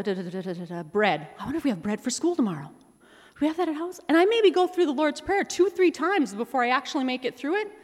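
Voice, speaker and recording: A woman's voice: fairly high pitch, long reverb tail. A middle-aged woman giving a personal testimony in church, telling stories with light humor. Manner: warm storytelling with light humor. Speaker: lay speaker giving a church message. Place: church sanctuary.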